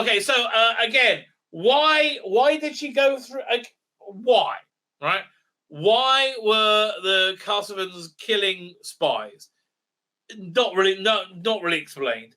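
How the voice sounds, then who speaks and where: High-voiced sarcastic male reviewer. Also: expressive, slow, pushed and bright. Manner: sarcastic, rambling, many fillers and tag questions. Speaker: video reviewer. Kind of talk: ranting recap review.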